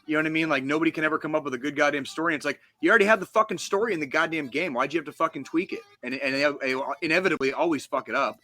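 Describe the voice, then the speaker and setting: A man's voice: a little high, racing, few pauses, bright, forceful tone. A man from the United States co-hosting a gaming podcast, ranting heatedly and swearing constantly in casual chat. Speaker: podcast co-host.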